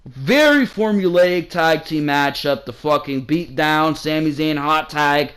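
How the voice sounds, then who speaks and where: A man's voice: fairly high pitch, unhurried, a bit bright. A man ranting through a wrestling show review, swearing often and firing off questions, his throat strained and wearing out. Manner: heated, profane, rhetorical questions.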